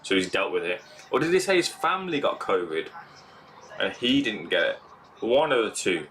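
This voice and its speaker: A man's voice: fairly low pitch, big pitch swings, normal speed, fairly bright tone, slight background noise. A young man hosting a casual live reaction stream, talking in a rambling, chatty way with lots of fillers.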